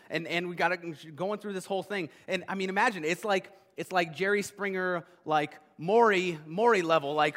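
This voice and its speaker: A man's voice: high voice, moderate pace, few pauses. Chatty male preacher in a big hall. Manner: conversational, animated, many restarts. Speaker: pastor. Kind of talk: sermon. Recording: long hall reverb.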